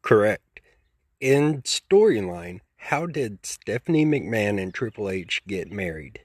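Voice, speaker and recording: Slow, husky man reading trivia questions. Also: lowish voice, very animated. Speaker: trivia quizmaster.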